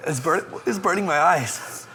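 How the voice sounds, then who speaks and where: A man's voice: fairly high pitch, lively intonation, moderate pace, background noise. A man, a youth pastor, nervously chatting and groaning with pain through a spicy food challenge. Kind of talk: casual on-camera chat and food challenge.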